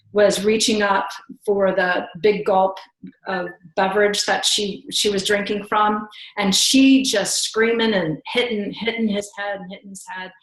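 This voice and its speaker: A middle-aged woman telling personal stories as a podcast guest, earnest and reflective, often restarting her sentences. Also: mid-range voice. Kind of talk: personal storytelling in conversation. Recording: roomy echo.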